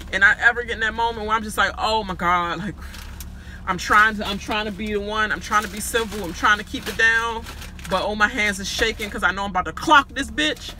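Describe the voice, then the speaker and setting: A man with a high, piercingly bright voice runs through a reality show recap in loose, cursing chatter. He throws himself into the retelling and acts out each side of the arguments. A faint hum of passing traffic sits underneath. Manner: animated, fast retelling with vivid voices for others. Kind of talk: casual profane recap, acting out quotes.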